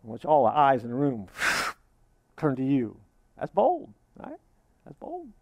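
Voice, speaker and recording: Male pastor, sermon, animated swooping delivery, dry sound. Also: mid-range voice, unhurried, no room sound, dull audio. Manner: lively preaching, acts out imagined congregants.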